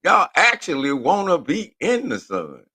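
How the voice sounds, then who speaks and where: A man's voice: a little high, slightly rough. A man from Houston, hosting a radio show in a profane, rambling monologue rant. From Houston, Texas. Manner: profane, animated, rambling with drawn-out words.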